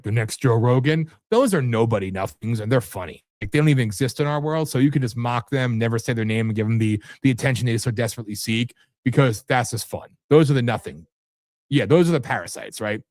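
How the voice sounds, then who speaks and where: A man's voice: medium pitch, darkish tone, no room sound, clean studio sound. A man hosting a live political talk show, ranting in a rambling, profane and combative way that jumps from topic to topic. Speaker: host.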